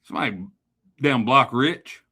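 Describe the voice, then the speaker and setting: Bright-voiced male livestream host. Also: medium pitch, measured pace. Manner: loose, laid-back banter. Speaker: host taking phone calls on a livestream. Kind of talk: casual livestream chat.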